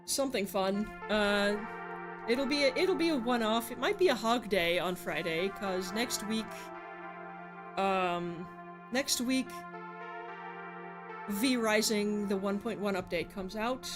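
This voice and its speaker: A woman streaming a game and chatting to her viewers, mid-pitched and casual, prone to swearing and restarting her sentences. Faint music plays softly behind her voice. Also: takes it slowly, pauses often. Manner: frustrated, swearing, rambling with restarts. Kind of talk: casual live-stream chat.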